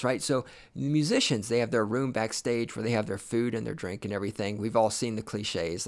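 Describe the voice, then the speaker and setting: A man hosting a podcast, delivering an angry, scornful, profane rant. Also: mid-range voice. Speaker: podcast host. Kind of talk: profane ranting monologue.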